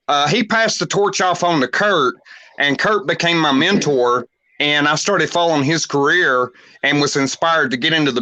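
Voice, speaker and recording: A man in his forties with a Tennessee twang tells his story in an unhurried, rambling way. His voice is bright and a little high, and he often pauses on filler sounds. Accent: Tennessee Southern US. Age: 40s. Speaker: wrestling guest. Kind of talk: casual interview storytelling.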